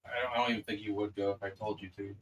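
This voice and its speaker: A man's voice: lowish voice, little pitch movement, racing, highs cut off, a little hiss or hum. A man playing a tabletop game, giving direct orders in character. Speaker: player.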